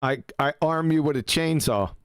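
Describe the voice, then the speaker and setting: A man's voice: fairly high pitch, normal speed, clear, resonant tone, no room sound, studio quality. A man hosting a podcast in a laid-back way, laughing often. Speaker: podcast host. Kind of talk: casual chat.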